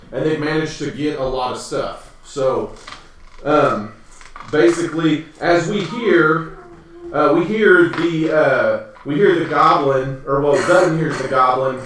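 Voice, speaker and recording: A man's voice: a little high, a bit bright, a little hiss or hum. A man narrating a tabletop game as game master for his children, rambling with lots of fillers and restarts. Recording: echoey room from far off.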